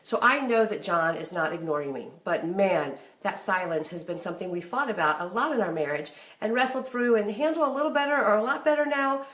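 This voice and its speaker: A middle-aged woman talks straight to camera in a candid, conversational way, acting out snatches of remembered arguments as she goes. Her voice sits at a middling pitch, and the room around her is noticeably echoey. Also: animated, a little fast, hardly any pauses, fairly bright tone. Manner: chatty, candid, acts out remembered dialogue. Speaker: marriage advice host. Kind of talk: casual talk to camera.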